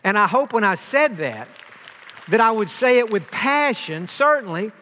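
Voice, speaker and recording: A man's voice: high-pitched, sing-song, moderate pace, sharp tone, big-room sound, some chatter behind, a little hiss or hum. A man in his fifties preaching a sermon, earnest and repeating words as he builds his point. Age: 50s.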